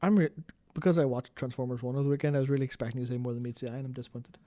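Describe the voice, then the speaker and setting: A man's voice: mid-range voice, racing, dark tone. A tired man, co-hosting a casual live stream, rambling and swearing as he looks for things. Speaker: co-host.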